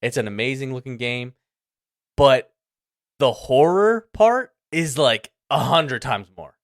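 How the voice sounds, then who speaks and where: Male co-host, medium pitch, excitable rambler, dry and close. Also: dry recording. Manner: excitable, rambling, quick bursts. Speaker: podcast co-host. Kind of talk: casual chat.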